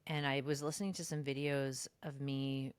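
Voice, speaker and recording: In a dry recording, a woman with a clear, resonant voice co-hosts a podcast about spiritual matters, speaking flatly at a moderate pace. The conversation is casual and reflective, packed with "like" and other fillers. Quoting herself, she switches to a high, mocking voice.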